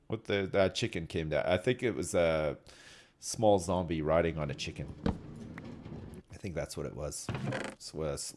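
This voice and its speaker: Lively joking male streamer. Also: low-pitched, background noise. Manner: joking, animated storytelling with swearing. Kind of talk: casual live-stream chat while gaming.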